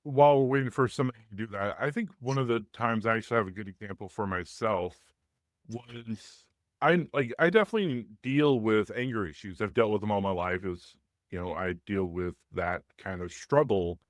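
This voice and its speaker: A man's voice: on the low side, a little fast, no room sound, clean studio sound. A man in his thirties who hosts a support group, telling a candid personal story in casual conversation over a video call.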